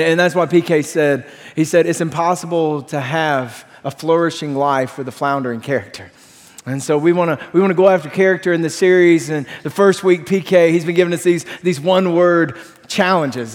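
A man preaching a sermon as pastor, energetic and telling stories with voiced quotes. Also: a little high, long reverb tail. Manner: energetic, storytelling with acted quotes.

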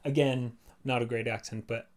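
A man's voice: medium pitch, fairly even intonation, moderate pace. Voice actor guy rambling in a chill podcast chat, lots of "like" and "you know". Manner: chatty, explains at length with many fillers.

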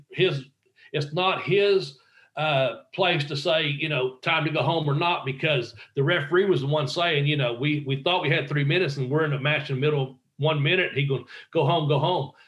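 A man's voice: a little high, a bit bright, reverberant, lo-fi sound. A man, a former pro wrestler, telling rambling, profane anecdotes in a casual interview and acting out quotes.

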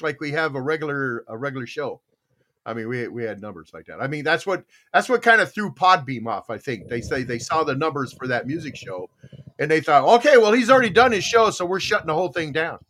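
An older man hosts a relaxed morning show. His slightly high, bright voice swings freely in pitch. He wanders through stories, repeats phrases and chuckles along the way. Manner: rambling, chuckling, repeats himself. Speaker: host. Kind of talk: casual morning-show chat.

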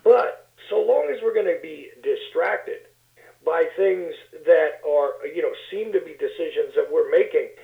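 Brief: wry, gravelly male guest, high voice, on an echoey tinny phone line. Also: a little slow. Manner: wry, sardonic, repeats words while thinking. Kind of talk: casual political talk. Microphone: phone call.

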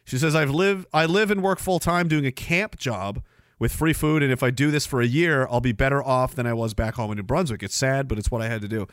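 A man's voice: medium pitch, fairly quick, dry recording, studio quality. A man hosting a live stream podcast, ranting sarcastically and acting out quoted voices. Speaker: podcast host.

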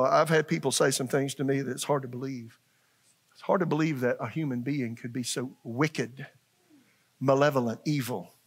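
Gravelly older man preaching a sermon. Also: mid-range voice, fairly bright tone. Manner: conversational, asks the congregation questions. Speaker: pastor.

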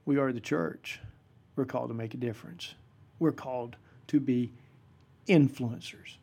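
A man's voice: mid-range voice, moderate pace, creaky, dark tone, husky. A man preaching a sermon-style talk, emphatic and repeating key phrases for force.

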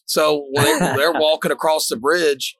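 A man tells stories in a bright, forceful voice, fairly high for a man. He belts out the quoted lines. The sound is dry and close. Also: measured pace, dry recording. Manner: lively, shouts out quoted lines. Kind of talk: casual storytelling chat.

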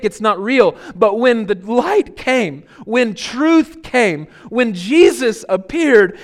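High-voiced earnest male preacher. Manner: earnest, builds to emphatic peaks, then drops quiet and reflective. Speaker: pastor. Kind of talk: sermon.

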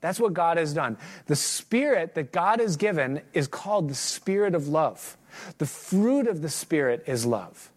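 A man's voice: fairly high pitch, expressive, measured pace. A middle-aged man preaching a sermon and reading a piece aloud in an earnest way. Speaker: pastor. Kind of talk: sermon with a read-aloud excerpt.

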